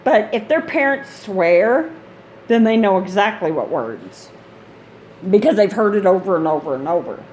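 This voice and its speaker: A woman's voice: medium pitch, lively intonation, a little slow, darkish tone, slight background noise. A woman, a mother of grown kids, chatting in a rambling, casual vlog style about gaming gear, laughing often. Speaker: gaming channel host.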